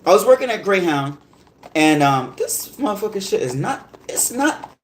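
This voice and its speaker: A man hosting a podcast, telling a story in a heated, animated rant full of profanity and repeated check-ins with the listener. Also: sits high, moderate pace, slight background noise. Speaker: podcast host. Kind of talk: casual storytelling monologue. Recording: roomy echo.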